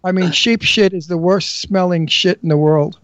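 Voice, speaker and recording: Flamboyant, giggly male co-host, high voice, dry and slightly dull studio sound. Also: fairly even intonation, normal speed, fairly bright tone, dry recording. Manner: flamboyant, bawdy, giggly storyteller. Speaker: radio co-host. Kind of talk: casual radio chat.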